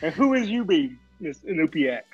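A podcast host with a Southern US accent keeps things loose and joking, with a steady middle pitch. Faint music plays under the talk. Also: normal speed, dull audio. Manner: playful and loose, joking slang. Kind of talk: casual podcast chat.

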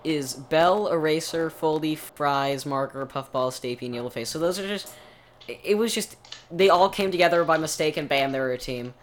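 A man's voice: fairly high pitch, normal speed, a little hiss or hum. A man co-hosting a podcast, chatting casually and rambling through explanations with many restarts. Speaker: podcast co-host. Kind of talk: casual chat.

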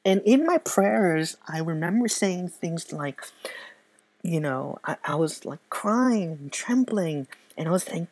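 Woman, personal testimony; soft-spoken, halting, reflective, and very slow-paced. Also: on the low side, expressive, no echo. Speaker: speaker sharing a faith testimony.

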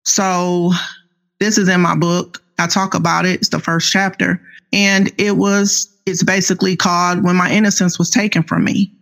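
A woman in her fifties, an author guest, telling her personal story in an earnest, slow, faith-filled way. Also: on the low side, flat delivery, vocal fry, fairly bright tone. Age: 50s. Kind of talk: personal testimony interview.

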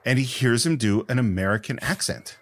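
A man co-hosting a film podcast, telling behind-the-scenes stories in an animated way and laughing often. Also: mid-range voice, a little fast. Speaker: podcast co-host. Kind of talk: casual film discussion.

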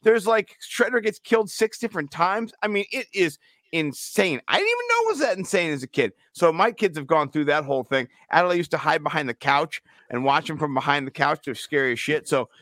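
A man co-hosting a podcast, excitable and laughing often in casual chat. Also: on the high side, a little fast, no room sound. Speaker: podcast co-host.

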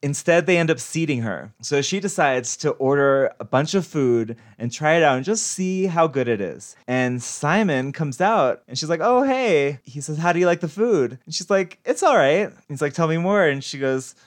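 A man's voice: on the high side, expressive, normal speed, few pauses. Man, easygoing plot recap, conversational storyteller. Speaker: movie recapper.

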